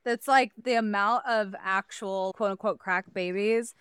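A woman's voice: medium pitch, steady tone, unhurried, a bit bright, smooth, no room sound, studio quality. A woman co-hosting a podcast, talking in a loose, rambling way with frequent swearing. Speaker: podcast co-host. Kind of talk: casual chat.

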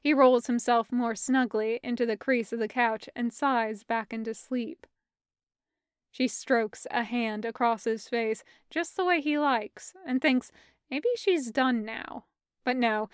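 A woman reading a fan fiction story aloud in an even, measured narration. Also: fairly high pitch, clean tone, dry recording, clean studio sound. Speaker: fan fiction audiobook reader.

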